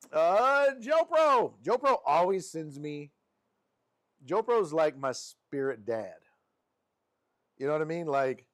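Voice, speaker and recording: A man hosting a sports live stream, reading viewer messages aloud in an animated, affectionate way. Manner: animated and affectionate, with frequent laughs and pitch jumps.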